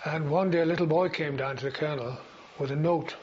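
An older man reminisces in a rambling, unhurried way, often pausing on fillers and restarting his sentences. His voice sits a little high for a man. The recording is dull and lo-fi, with a faint hiss. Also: steady tone, a little mellow. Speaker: veteran interviewee. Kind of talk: oral history recollection.

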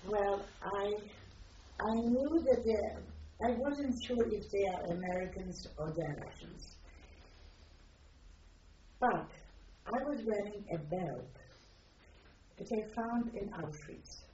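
Older woman, halting. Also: medium pitch, lively intonation, warm tone, a little hiss or hum. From Poland. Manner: reflective, halting, searching for words. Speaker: witness giving testimony. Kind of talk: personal testimony, recalled aloud. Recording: distant roomy lo-fi recording.

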